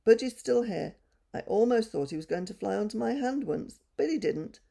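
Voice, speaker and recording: A woman's voice: on the high side, expressive, moderate pace, creaky, warm tone, pitched above the performer's own voice. A woman voicing a helpful small boy who found the bird. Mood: eager.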